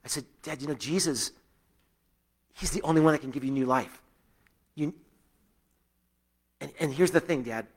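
A man's voice: a little high, normal speed, pauses often, slightly rough. A middle-aged man giving a sermon as a pastor, telling personal stories in a loose, conversational way with frequent fillers and restarts.

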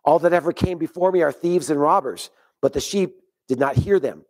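A man's voice: fairly high pitch, a little fast, a little mellow. Earnest male pastor preaching. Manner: earnest preaching, reading scripture aloud. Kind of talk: sermon. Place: church.

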